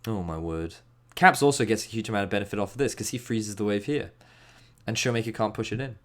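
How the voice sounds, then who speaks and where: A man giving an animated, emphatic game review commentary as an esports analyst, with playful asides. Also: lowish voice, quick pace.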